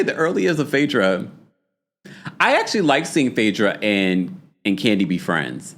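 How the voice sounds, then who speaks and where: A man's voice: lowish voice, normal speed. A man hosting a reality TV recap stream, chatty and laughing, reading chat comments and acting out taglines. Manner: animated, laughing, reads chat comments aloud; puts on a dramatic voice to read taglines. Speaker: host.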